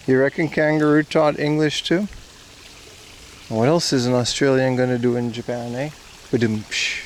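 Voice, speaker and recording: This Aruban streamer is out at a zoo park, cracking jokes and cursing as he talks to viewers in a casual IRL livestream. His medium-pitched voice holds a steady tone at a moderate pace, with slight hiss or hum in the audio.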